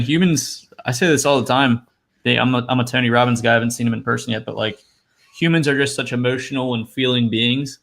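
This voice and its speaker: A man in his twenties hosting a podcast interview, calmly summing up his guest's points. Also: medium pitch. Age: 20s. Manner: reflective, sums up the guest's points. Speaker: podcast host.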